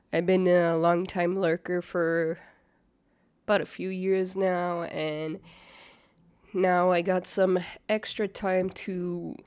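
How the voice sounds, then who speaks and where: Young woman kinda stuffy nasal, slow gossipy reaction talk, dry close mic. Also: lowish voice, darkish tone, smooth, no echo. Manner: chatty, judgmental, lots of fillers and swearing. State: sick, slightly nasal. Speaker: reaction video host. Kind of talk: casual commentary.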